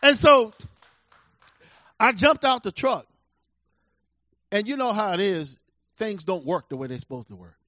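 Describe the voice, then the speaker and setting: A middle-aged male preacher with a high voice tells a personal story in his sermon. He is emphatic and swings from loud bursts to quiet asides. The sound is dry, dull and lo-fi. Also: measured pace, pauses often, dry recording. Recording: dull lo-fi recording.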